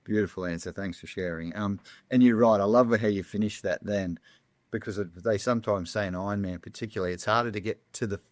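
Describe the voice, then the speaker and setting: A man's voice: on the low side, fast, no echo. A male podcast host who asks eager, rambling questions in an interview. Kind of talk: interview conversation.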